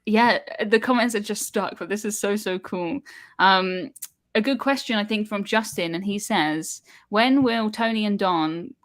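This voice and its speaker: A woman's voice: mid-range voice, a little slow. A British woman hosting a live stream over a video call, chatting casually and laughing often.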